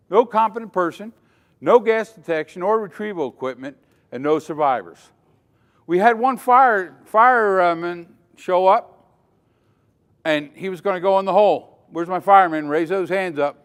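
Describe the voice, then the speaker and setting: A man's voice: high voice, animated, unhurried, pauses often, fairly bright tone. An older man giving a dramatic safety lecture at a conference, quizzing the audience as he goes. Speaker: safety trainer. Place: conference hall. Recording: long hall reverb.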